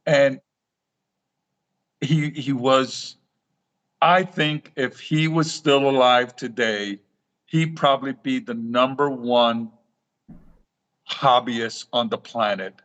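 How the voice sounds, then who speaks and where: Middle-aged man telling lively stories. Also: mid-range voice, slow pace, pauses often, lo-fi sound. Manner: animated storytelling, acting out quoted dialogue with repeated restarts. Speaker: guest, reef aquarium author. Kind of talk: storytelling in a live talk show interview.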